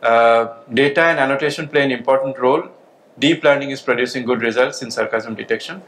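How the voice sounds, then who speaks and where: Man giving a measured conference talk. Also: mid-range voice, fairly bright tone, poor audio. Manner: measured, frequent "okay" and "uh" fillers. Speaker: lecturer.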